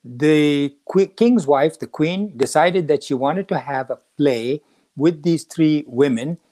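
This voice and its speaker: A man hosts a casual spiritual talk, telling a story with animated turns as he voices each character. His voice sits a bit high for a man. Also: takes it slowly. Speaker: podcast host.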